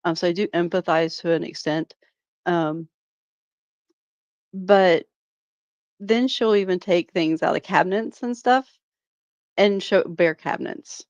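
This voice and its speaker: A woman's voice: on the low side, measured pace, long pauses, dry recording. A woman hosting a reaction channel, giving mocking, sarcastic commentary and laughing often.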